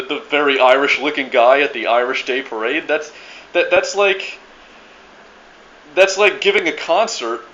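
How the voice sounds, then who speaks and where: A man's voice: mid-range voice, sharp tone, lo-fi sound, a little hiss or hum. A man ranting to his viewers in a profane, rambling monologue, full of restarts and stammered repeats. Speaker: video blogger ranting to viewers.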